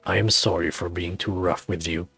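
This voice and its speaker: A man's voice: low voice, steady tone, brisk, creaky, fairly bright tone, slightly rough, soft background music, pitched below the performer's own voice, full character voice. A man voicing a big, irritable gray male werewolf who grumbles sarcastically. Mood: grudging.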